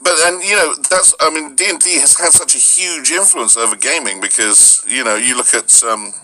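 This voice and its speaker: Bright-voiced Englishman rambling on a video call. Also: medium pitch, moderate pace, rough recording. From North Yorkshire, England. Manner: animated, rambling storyteller slipping into accent impressions. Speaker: voice actor guest. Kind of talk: casual video-call chat.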